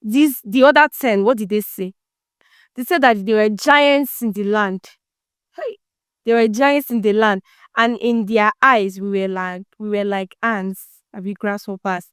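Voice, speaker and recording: Lady doing a motivational talk, smooth clear voice, preachy n playful, lots of questions at the listener. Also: medium pitch, measured pace, no room sound, studio quality. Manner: lively, preachy, full of rhetorical questions and teasing. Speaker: self-help podcast host.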